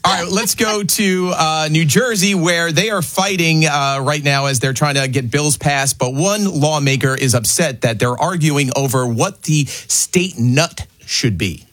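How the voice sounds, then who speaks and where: A man co-hosting a radio show, briskly running through news items with fillers. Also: fairly high pitch, a bit bright. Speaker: radio co-host.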